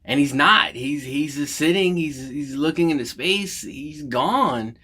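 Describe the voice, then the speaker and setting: A man's voice: on the high side, a little slow, pushed and bright. A man, maybe in his thirties, giving a casual, emotional movie reaction, rambling through his retelling with lots of fillers and restarts.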